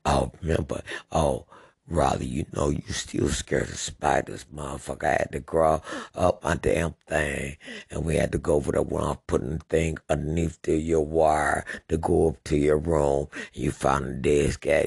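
A man's voice: rumbling low, measured pace, creaky, breathy edge, no echo, studio quality. A man casually and profanely reminiscing about old times, acting out sound effects as he swears freely. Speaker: storyteller.

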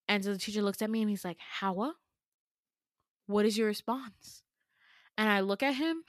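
A young woman hosts her own podcast and recounts a personal story. She is emphatic and animated and swears without holding back. Her voice sits at a middle pitch and sounds close and dry, with no room around it. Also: no room sound. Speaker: podcast host.

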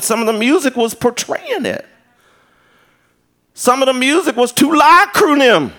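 Texan male pastor, sermon, bright and forceful, swinging pitch, higher than most men. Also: moderate pace. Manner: animated storytelling with shouted quotes.

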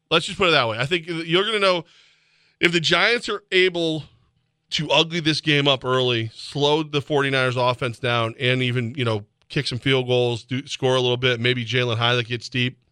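A man hosting sports radio, talking animatedly with laughs and sudden shouts, reading ads in a studio. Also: medium pitch, a little fast, clear, resonant tone, dry recording. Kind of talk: casual sports radio banter with live ad reads. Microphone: close studio mic.

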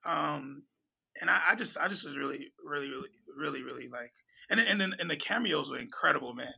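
A man's voice: on the high side, expressive, brisk, creaky, pushed and bright, slightly rough, low-quality recording. A man in casual chat, enthusiastic and repeating words as he talks.

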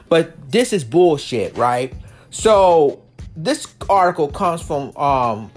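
A man hosting his own podcast, ranting with indignation and cursing as he reads and reacts to a news story. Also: high voice. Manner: profane, indignant, emphatic. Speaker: podcast host. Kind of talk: angry podcast rant.

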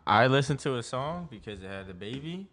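A man's voice: mid-range voice, expressive, brisk, a bit bright, slight background noise. A young man co-hosting a casual podcast chat, laid-back and joking, with plenty of swearing. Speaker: podcast co-host.

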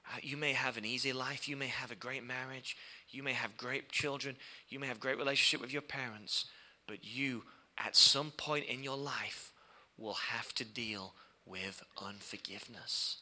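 A male preacher giving a sermon, telling stories with big swings from loud, heated passages down to hushed whispers. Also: mid-range voice, steady tone, moderate pace.

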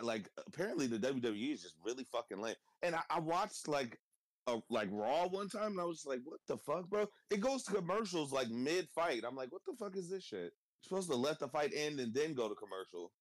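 With a mid-range voice and no echo, this man co-hosts a podcast, wandering through casual talk full of filler words and profanity.

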